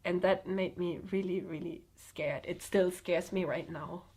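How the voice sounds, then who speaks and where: A young woman speaking to camera in a halting, hesitant way, with many pauses and fillers, telling a personal story. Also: fairly low pitch, fairly even intonation, a little mellow, slightly rough. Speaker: vlogger.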